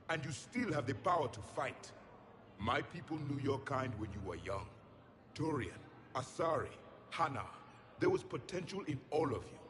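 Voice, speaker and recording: An actor playing a proud, scornful ancient alien soldier who speaks in a grave, measured, condescending way. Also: male voice, mid-range voice, noisy background, natural voice.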